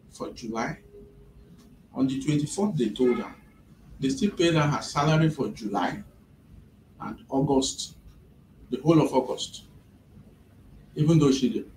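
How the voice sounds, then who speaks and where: A man's voice: mid-range voice, a little hiss or hum. A man, retelling events step by step as an employer's representative in a mediation session. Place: office. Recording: echoey room from a distant mic.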